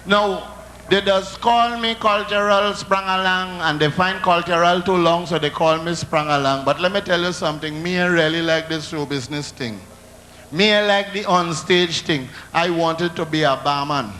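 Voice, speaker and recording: A man's voice: sits high, moderate pace, slight background noise. Trinidadian man telling comic stories. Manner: animated storytelling with funny sound effects. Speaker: comedian. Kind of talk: comic storytelling monologue.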